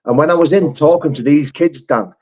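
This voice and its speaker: A man's voice: fairly high pitch, a little fast, darkish tone, muffled recording. A man hosting a live chat, talking in a heartfelt, sweary, rambling way with many restarts. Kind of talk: casual live-stream chat.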